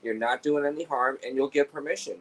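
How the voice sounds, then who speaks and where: A man's voice: medium pitch, brisk, a bit bright, low-quality recording. Profane, rambling man chatting casually. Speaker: store clerk. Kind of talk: casual chat.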